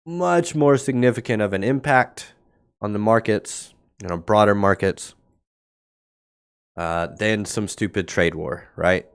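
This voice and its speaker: Male livestream market host, lowish voice, sarcastic and blunt, thinking aloud, slight cough. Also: unhurried, clear, resonant tone. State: coughing now and then. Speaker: crypto market show host. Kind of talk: casual livestream market commentary.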